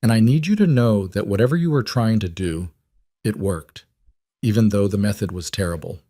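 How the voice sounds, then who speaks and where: A man voicing a calm, firm single father who speaks quietly and steadily. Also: fairly low pitch, normal speed, no room sound, clean studio sound, lightly acted. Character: calm, steady former soldier, a single dad.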